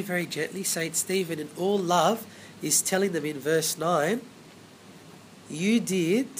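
A man's voice: on the high side, slight background noise. A man preaching a Bible sermon, emphatic, repeating phrases and asking rhetorical questions.

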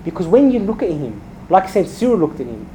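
A man's voice: sits high, big pitch swings, fairly quick, dark tone, a little hiss or hum, poor audio. A man preaching a sermon as a priest, emphatic and building through repeated rhetorical lists.

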